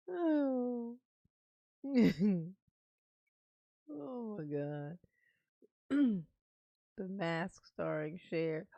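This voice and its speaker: A woman's voice: mid-range voice, dry recording, clean studio sound. A woman hosting a casual livestream, chatting with viewers in a laid-back way and swearing freely. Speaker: livestream host reading viewer comments.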